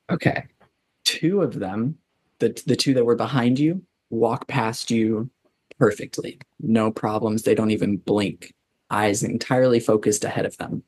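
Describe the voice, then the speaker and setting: Husky-voiced man narrating a tabletop game. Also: mid-range voice, dry recording. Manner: relaxed, slow deliberate narration with laughs. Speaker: game master.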